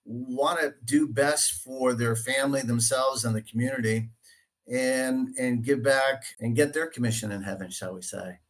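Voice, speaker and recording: Boston man speaking haltingly in an interview. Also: mid-range voice, fairly even intonation. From Dorchester, Massachusetts. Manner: halting, with many restarts and fillers. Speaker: real estate agent and guest. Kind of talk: casual interview.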